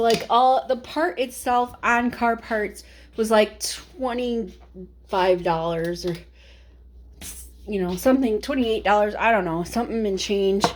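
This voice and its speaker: A woman vlogging casually, rambling with lots of fillers and restarts, using informal slang and mock exasperation. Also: a little high. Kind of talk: casual chat.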